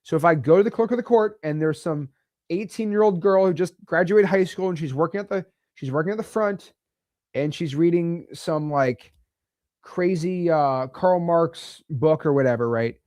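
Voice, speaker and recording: A man's voice: on the high side, moderate pace, a little mellow, dry recording, clean studio sound. A man from the United States coaching real estate wholesaling in a blunt, emphatic, chatty way with slangy asides. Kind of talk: casual teaching to camera.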